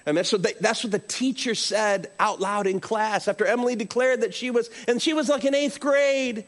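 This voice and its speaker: A man's voice: sits high, brisk. A middle-aged male pastor preaching a sermon, telling stories with acted-out quotes. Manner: animated storytelling with acted-out quotes.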